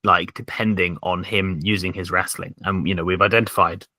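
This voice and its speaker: Bright, slightly low guy on a podcast, lots of likes and ums, dry sound. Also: fairly even intonation, a little fast, dry recording. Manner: hedging, filler-heavy talk with many likes and ums. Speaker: podcast co-host. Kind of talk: casual podcast chat.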